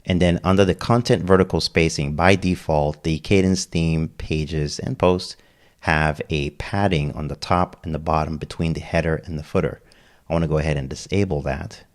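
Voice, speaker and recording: A man walking through a website builder step by step in a casual screen-recorded tutorial, checking in with "okay?" as he goes. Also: rumbling low. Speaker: web design tutor.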